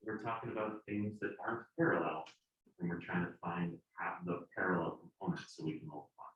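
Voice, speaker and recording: A man's voice: low-pitched, brisk, dull audio. A male physics professor lecturing a class, candid and joking, with exasperated asides. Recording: roomy classroom echo.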